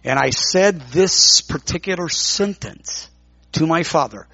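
Gravelly-voiced man telling a sermon story. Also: a little high, lively intonation, sharp tone, no room sound, highs cut off. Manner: halting, repeats words while recounting dialogue. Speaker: preacher.

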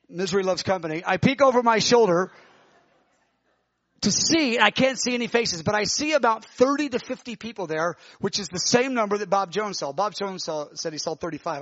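A man preaching, telling a vision in an animated, emotional way with many restarts. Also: sits high, moderate pace, no echo, lo-fi sound. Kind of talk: sermon testimony, telling a vision.

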